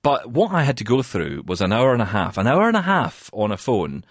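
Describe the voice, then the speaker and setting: A man from the UK co-hosting a podcast in casual chat, telling a story in an animated way and often laughing. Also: on the low side, brisk, no echo, clean studio sound. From United Kingdom. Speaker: podcast co-host.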